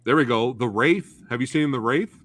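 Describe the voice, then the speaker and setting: A man hosting a casual movie review chat, excitable and slangy, calling his guest dude and bro. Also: medium pitch, normal speed, dry recording. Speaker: host. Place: live stream, reading chat.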